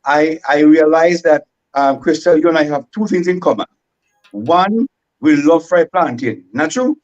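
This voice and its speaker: A man from Saint Vincent with a Vincentian accent, a radio guest in casual chat, animated and prone to repeating and restarting his words. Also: fairly high pitch, a little slow, dull audio. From Saint Vincent and the Grenadines.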